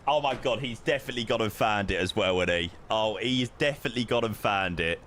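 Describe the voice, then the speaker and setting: Excitable streamer with a lively voice. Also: male voice, mid-range voice, a little fast, few pauses, slight background noise. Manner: excitable, chatty, reacts loudly and greets viewers. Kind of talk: live-stream chat while playing a flight simulator.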